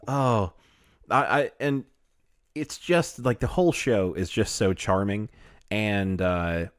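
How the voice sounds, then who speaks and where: Man, podcast co-host, casual chat, halting and rambling, dry sound. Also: lowish voice, smooth, no room sound. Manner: rambling, halting, laughs often.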